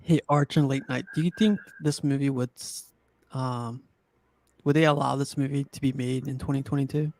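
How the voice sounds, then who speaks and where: A man hosting a laid-back podcast stream, reading out comments and chatting about a film. His mid-pitched voice has a gravelly edge, and the sound is dry and close with no room echo. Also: fairly even intonation, moderate pace, a little mellow. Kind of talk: casual movie chat.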